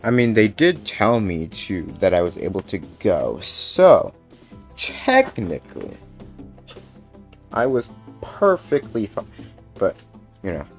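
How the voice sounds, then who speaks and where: Tired, slow-talking gaming streamer man. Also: lowish voice, sing-song, faint music behind. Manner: joking, playful, jumps between mumbling and loud. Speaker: streamer playing a game. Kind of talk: casual live-stream chat.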